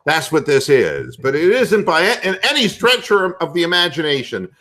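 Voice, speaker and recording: A man with a high, lively voice rants about football in a loud, profane, comedic way. His tone is bright and cutting, and he swings up and down in pitch as he works himself up. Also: normal speed. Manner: loud, profane, animated ranting. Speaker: podcast host. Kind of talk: ranting comedic sports talk.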